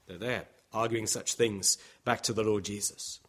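A man's voice: lowish voice, normal speed. A man preaching a sermon, acting out the objections of his listeners and chuckling now and then. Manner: animated, acts out voices of listeners, occasional chuckles.

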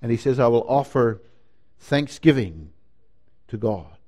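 A man preaching a sermon, slow and emphatic, rising to loud declarations and dropping to hushed lines. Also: mid-range voice, lively intonation. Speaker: pastor.

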